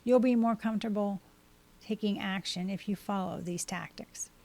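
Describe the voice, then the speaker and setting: Woman with a gravelly podcast voice. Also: mid-range voice. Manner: steady, measured reading of numbered tips. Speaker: podcast host and life coach. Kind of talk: scripted advice monologue.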